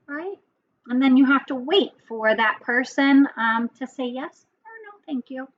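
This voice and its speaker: Slow gentle woman teacher. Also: high-pitched, expressive, dull audio. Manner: gentle, asks children questions often. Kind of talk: children's lesson and storybook reading.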